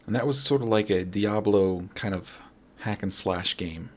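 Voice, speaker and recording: Late at night and a bit wired, a game streamer from New York, with a New York accent, rambles in friendly conversation with his viewers. His voice is fairly low at a moderate pace, and he frequently starts his sentences over.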